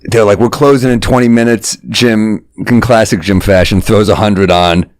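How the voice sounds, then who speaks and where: A comedian hosting a casual chat, telling an animated, swear-filled story and acting out the quotes. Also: male voice, on the low side, normal speed, no echo, clean studio sound. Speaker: comedian and host.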